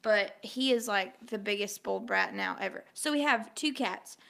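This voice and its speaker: A woman telling a story in casual chat, animated and full of "like.". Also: mid-range voice, normal speed, gravelly. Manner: animated storyteller, heavy use of "like".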